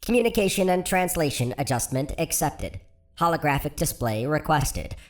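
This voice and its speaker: Male narrator playing a clipped, formal ship AI for an audiobook, pitched higher than his own voice. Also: lively intonation, moderate pace, close to an everyday voice. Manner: terse, formal. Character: calm, precise male ship AI. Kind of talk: audiobook character voice.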